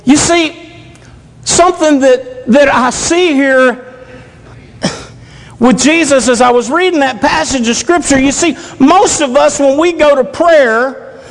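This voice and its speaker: High-voiced man preaching in an echoing hall. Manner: earnest, repetitive, rhetorical questions. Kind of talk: sermon. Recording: long reverb of a large hall.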